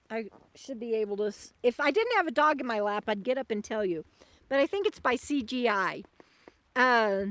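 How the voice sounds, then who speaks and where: Chatty high-voiced woman livestreaming outdoors. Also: dry recording. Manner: chatty, halting with many fillers and restarts; soft baby talk to her dog. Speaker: RV vlogger hosting a livestream. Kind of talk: casual live-stream chat. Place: outdoors at a lakeside campsite.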